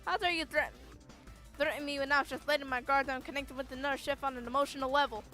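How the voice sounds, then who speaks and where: A woman's voice: high-pitched, fairly even intonation, fast, soft background music. A woman doing a blustering monster villain. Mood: indignant threat. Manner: loud, indignant, boastful threats.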